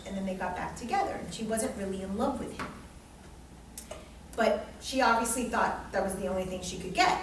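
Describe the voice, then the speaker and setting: A woman's voice: medium pitch, slight background noise. A woman teaching a live workshop to an audience, telling stories animatedly and acting out the people in them. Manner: animated storytelling, quotes people in their voices. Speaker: astrology teacher. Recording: echoey room, voice from far off.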